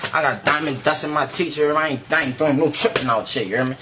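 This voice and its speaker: A man's voice: a little high, quick pace, background noise. A rapper, boasting in casual studio banter and asking again and again whether he's been heard. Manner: swaggering, keeps asking "you heard me". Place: small recording studio.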